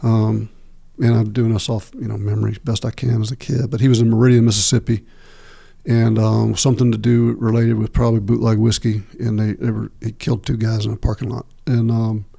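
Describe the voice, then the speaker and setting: Gravelly middle-aged man, halting. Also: on the low side, flat delivery, dark tone. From Texas. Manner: halting, many filler pauses and restarts. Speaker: podcast guest. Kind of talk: candid interview storytelling.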